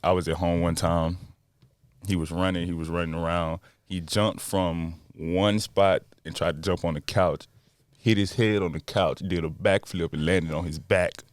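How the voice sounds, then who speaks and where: A man's voice: sits low, steady tone, normal speed, dry recording, clean studio sound. A young man with a Southern American accent, a basketball player chatting casually as a podcast guest in a laid-back, slangy way. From Montgomery, Alabama, USA. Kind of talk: casual interview chat.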